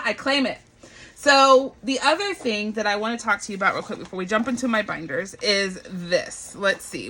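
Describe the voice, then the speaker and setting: A woman in her thirties from Barbados, chatting casually to camera about her budget, lively and addressing viewers as y'all. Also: mid-range voice. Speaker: budgeting vlogger.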